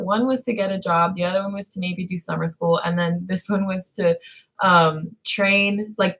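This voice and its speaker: A woman's voice: medium pitch, fairly bright tone. A young woman from California co-hosting a casual chat, telling a story in a hesitant, rambling way full of "um" and "like.". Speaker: YouTube co-host.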